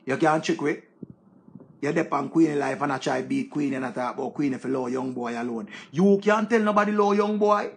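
A man's voice: medium pitch, quick pace, creaky, hardly any pauses. A man with a Jamaican accent ranting to viewers in a heated, scolding way, swearing freely. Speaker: online commentator. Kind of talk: casual rant to viewers.

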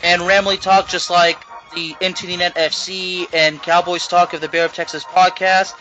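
A man's voice: high voice, level tone, moderate pace, bright, forceful tone, muffled recording, faint music behind. A man co-hosting a podcast, chatting casually and thinking aloud with restarts. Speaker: podcast co-host.

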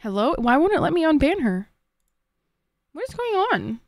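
A woman's voice: high voice, sing-song, normal speed, no room sound, clean studio sound. A woman streamer chatting to her viewers, flustered and swearing often. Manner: flustered, swearing, talks to chat. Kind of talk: casual live-stream chat.

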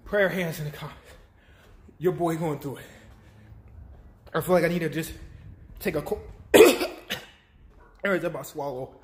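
A man's voice: on the high side, moderate pace, long pauses, slight background noise. A young man vlogging to camera, in pain and sniffling, pleading in short repeated bursts. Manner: distressed, repetitive pleading. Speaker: YouTuber doing a spicy chip challenge. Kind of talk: casual vlog to camera.

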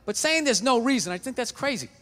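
A man's voice: extremely high pitch, lively intonation, fast, a bit bright. A man doing a stand-up comedy set, ranting and swearing as he acts out both sides of an argument. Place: stage of a large theater. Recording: long reverb of a theater stage.

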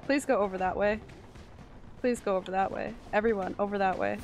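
A woman's voice: medium pitch, steady tone, fairly quick, darkish tone, lo-fi sound, faint music behind. A woman streaming a game live, giving an anxious running commentary full of swearing.

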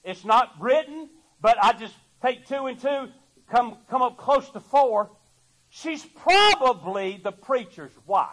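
Preacher, very high voice, emphatic, folksy asides. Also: male voice, lively intonation, slow, fairly bright tone, rough recording. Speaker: pastor. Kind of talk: sermon.

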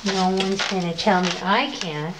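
A woman voicing her female pet dog, speaking slowly and stubbornly as the dog guards its bone. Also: mid-range voice, natural voice. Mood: possessive. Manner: slow, stubborn, drawling. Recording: home recording with steady background noise.

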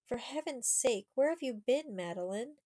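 A woman's voice: mid-range voice, steady tone, measured pace, dark tone, no room sound, close to an everyday voice. A woman reading an alarmed teenage boy. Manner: alarmed, growling. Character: anxious teenage boy with a musket.

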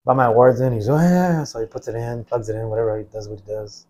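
A lowish, fast-talking male voice belongs to a U.S. military veteran in his forties, on as a guest. He tells his story in a casual, wandering way, saying "like" a lot and voicing the people he quotes.

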